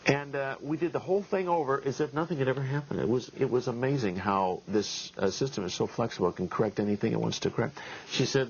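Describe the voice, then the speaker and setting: Man, middle-aged pastor, husky low voice, folksy wry storytelling, dull lo-fi 1990s tape sound. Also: fast. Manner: folksy, wry, chuckles often. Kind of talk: storytelling sermon talk.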